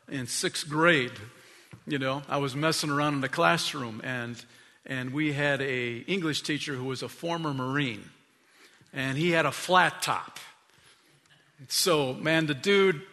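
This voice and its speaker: A man preaching a sermon as pastor, telling stories with emphasis, dropping to a hush and rising to loud calls. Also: fairly high pitch, long reverb tail. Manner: emphatic storytelling preacher, swinging from hushed to loud. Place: church sanctuary. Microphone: stage mic.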